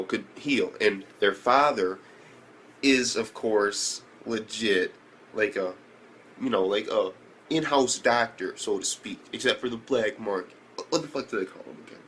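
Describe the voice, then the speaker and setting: A man recapping an anime episode in a casual, profane, rambling way, breaking into shrill disbelieving outbursts. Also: fairly bright tone, a little hiss or hum. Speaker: anime reviewer.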